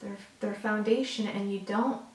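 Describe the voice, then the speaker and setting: A woman's voice: mid-range voice, fairly even intonation, normal speed, darkish tone, far from the mic, a little hiss or hum. Woman, tarot reader, earnest and emotional, casual to camera, roomy echo, off-mic. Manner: earnest, emotional, talks straight to viewers, swears.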